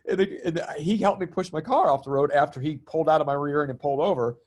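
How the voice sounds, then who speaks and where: A middle-aged man telling personal stories in conversation, lively and laughing often, acting out the voices of people in them. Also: a little high, quick pace, hardly any pauses. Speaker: guest, spiritual comedian and healer. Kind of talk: animated storytelling in conversation.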